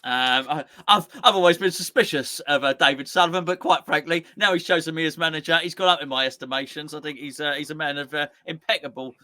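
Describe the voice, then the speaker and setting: A man's voice: a little high, steady tone, quick pace, few pauses, bright, forceful tone. A man co-hosting a casual football chat, rambling and playful with lots of restarts. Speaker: co-host.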